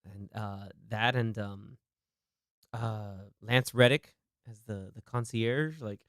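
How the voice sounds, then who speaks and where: A young man with a smooth, resonant voice hosts a relaxed movie podcast. He talks with excitement and slips into quoted lines as he recounts scenes. The sound is dry and close. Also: lowish voice, takes it slowly, no echo. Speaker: podcast host. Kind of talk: casual movie chat.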